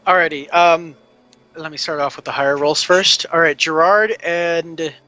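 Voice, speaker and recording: Bright-voiced young man running a game. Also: a little high, steady tone, lo-fi sound. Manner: halting, filler-heavy narration. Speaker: game master. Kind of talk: narrating a tabletop game online.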